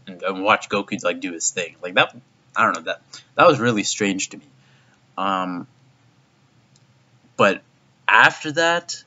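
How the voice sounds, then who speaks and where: His voice is medium-pitched, pushed and bright as he loosely reviews an anime episode. He rambles, swears, fills his talk with "like," and his pitch leaps when he can't believe something, on a dull lo-fi recording.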